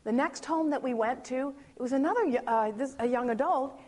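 A woman sharing a personal testimony as an animated story, acting out quotes and often restarting her sentences. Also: high-pitched, moderate pace.

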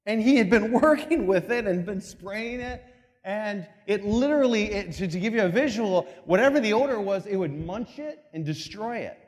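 A man's voice: sits high, expressive, moderate pace. A man giving a motivational talk with slides, telling a story animatedly and acting out voices. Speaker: speaker. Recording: long reverb in a hall.

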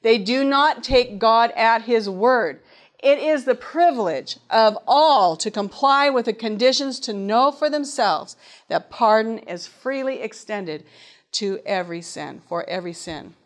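A middle-aged woman delivers a sermon, her voice sitting slightly above the usual pitch. She speaks earnestly and reads scripture aloud. She often turns to her listeners with questions. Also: animated, a little slow. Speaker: preacher.

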